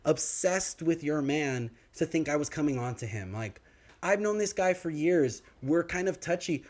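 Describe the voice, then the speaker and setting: A young man spins a story on a podcast in easy, casual chat. His fairly high voice swings widely, leaping up whenever he plays out what someone said. He sounds like a studio co-host mid-anecdote. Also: moderate pace. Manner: animated, acts out quoted dialogue with big pitch swings.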